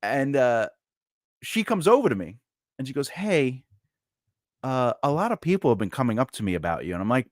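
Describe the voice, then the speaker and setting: A man's voice: mid-range voice, brisk, pauses often, no room sound, studio quality. A man chatting on a live stream, telling a self-mocking story and acting out the people in it. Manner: animated, self-mocking, acts out quoted people. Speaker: regular co-host. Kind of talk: casual storytelling chat.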